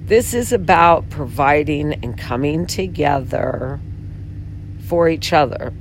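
A woman with a raspy, hoarse voice making an earnest, pleading pitch for her venture to donors and companies. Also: big pitch swings, slow pace, slight background noise. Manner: pleading, heartfelt, frustrated. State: hoarse from talking all weekend. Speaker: founder pitching her water advertising venture. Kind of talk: earnest direct-to-camera pitch.

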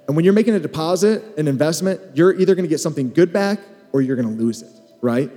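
A man's voice: on the high side, animated, fast talker, warm tone. A man teaching at a conference, teasing and joking, speaking straight to husbands and wives in the audience. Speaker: podcast co-host speaking at a marriage conference. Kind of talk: conference talk with crowd asides. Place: conference stage in a large hall. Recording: live hall recording with long reverb.

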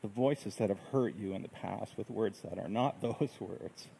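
A man preaching a sermon in a gentle, reflective way, with unhurried phrasing. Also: lowish voice, vocal fry, slight background noise, low-quality recording. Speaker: pastor.

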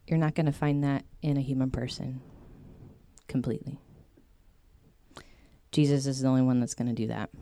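A low, warm-toned young woman speaks to a group about faith in a loose, chatty way, full of fillers and side tangents. The sound is dry and close, with no room echo. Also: clear, resonant tone. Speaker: speaker giving a faith talk. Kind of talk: casual faith talk to a group.

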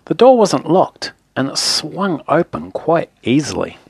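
A man reading a children's story aloud in a playful, lively, repetitive way. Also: a little high, measured pace, creaky, slightly rough, no room sound.

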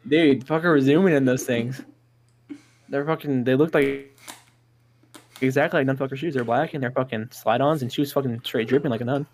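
A man's voice: medium pitch, fairly even intonation, a little fast, darkish tone. Young man telling a profane, rambling story. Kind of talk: casual storytelling.

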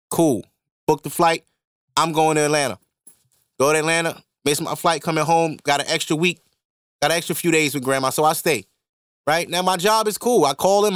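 Animated, profane male podcast host. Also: a little high, clear, resonant tone, dry recording, studio quality. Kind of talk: casual storytelling monologue.

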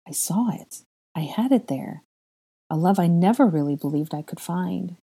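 A sorrowful young woman in a storybook reading, as the narrator puts her on, hesitant and full of sighs. The voice is breathy and dark, with a low, mellow tone. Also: lively intonation, normal speed. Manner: doleful, sighing, hesitant. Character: young woman, grieving and self-doubting.

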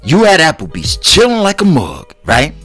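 A man co-hosting a casual couple's chat, telling animated stories, acting out quotes and laughing often. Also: fairly high pitch, normal speed, faint music behind. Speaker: co-host.

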